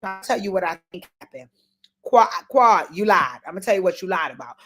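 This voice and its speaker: A woman's voice: fairly low pitch, brisk, faint music behind. Woman doing a casual tv recap, blunt and cussing, repeats stuff to make her point. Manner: blunt, profane, talks straight to the people she recaps; animated, repeats words for emphasis. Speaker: reality TV recap host. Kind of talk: casual commentary vlog.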